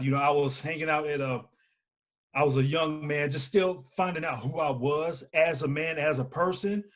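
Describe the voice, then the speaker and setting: A man from Alabama, a business owner and podcast guest, telling his story in a lively, playful, casual way. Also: a little high. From Huntsville, Alabama. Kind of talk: casual conversational interview.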